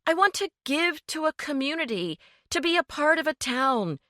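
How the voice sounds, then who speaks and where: A woman's voice: a little high, a little slow, fairly bright tone, no room sound, studio quality, pitched above the performer's own voice. A woman voicing a grieving, earnest woman who asks pointed questions and grows defiant.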